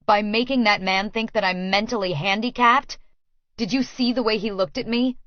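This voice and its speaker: A woman's voice: mid-range voice, moderate pace, no echo, dull audio. Woman reading a first-person audiobook. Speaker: audiobook narrator.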